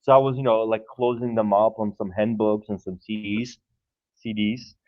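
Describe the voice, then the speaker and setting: A man from Poland with a Polish accent, a podcast guest telling stories in an animated way, repeating words and laughing often. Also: on the low side, moderate pace, phone-quality sound. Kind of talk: casual storytelling.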